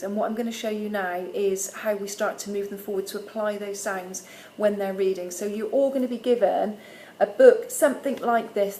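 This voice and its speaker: A woman, a primary school teacher giving parents a friendly instructional video, patiently sounding out letters slowly and clearly. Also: mid-range voice, mellow, slight background noise, rough recording.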